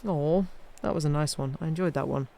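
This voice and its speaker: A woman reading old ghost stories aloud on a live stream, chatting wryly between tales and trailing off softly at the ends of sentences. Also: deep voice, brisk, creaky. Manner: chatty, wry, trailing off quietly.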